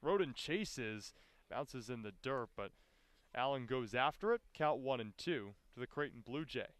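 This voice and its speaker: A man calling live baseball play-by-play, with his voice climbing sharply in pitch and volume on big plays. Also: lively intonation, unhurried, fairly bright tone, no echo. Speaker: play-by-play announcer.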